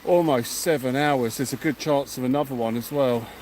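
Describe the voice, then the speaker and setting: Man, fishing livestream host, effusive, mid-pitched, faint outdoor noise behind. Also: moderate pace, a little mellow. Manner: effusive, thanks viewers by name. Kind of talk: excited livestream chat. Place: outdoors at night by the sea.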